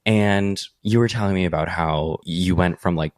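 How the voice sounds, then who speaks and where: Young podcast host, very deep voice, dry sound, curious, chatty. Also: normal speed, no room sound. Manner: chatty, curious, full of fillers. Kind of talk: casual interview chat. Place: apartment.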